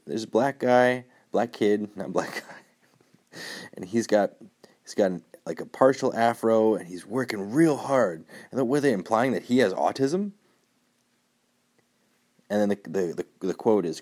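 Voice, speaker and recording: A man's voice: lowish voice, measured pace. A man hosting a solo podcast, giving sarcastic, opinionated news commentary in a rambling way with many fillers and a tone he calls neutral. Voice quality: says his tone is neutral and flat. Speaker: podcast host.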